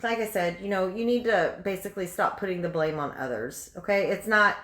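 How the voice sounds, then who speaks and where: A woman's voice: medium pitch, fairly quick, a bit bright. Woman doing a casual tarot reading at her table, blunt and chatty, lots of "why?" questions, echoey room. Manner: chatty, fires off rhetorical questions, bluntly calls listener honey. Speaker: tarot reader.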